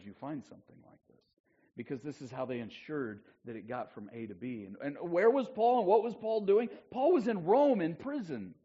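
Conversational pastor, lo-fi sermon recording. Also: male voice, a little high, slightly rough. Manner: conversational preaching with big swings between loud and hushed. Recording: dull lo-fi church recording.

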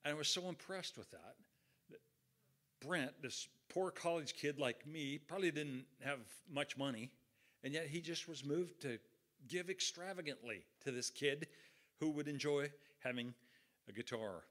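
Middle-aged male pastor, folksy sermon storyteller, bright tone. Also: fairly high pitch, a little slow. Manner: folksy, conversational, acts out quotes.

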